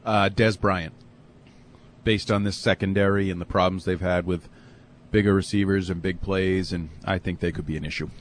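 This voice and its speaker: A man's voice: sits low, steady tone, normal speed. A man co-hosting a sports talk show, blunt and sarcastic in his opinions.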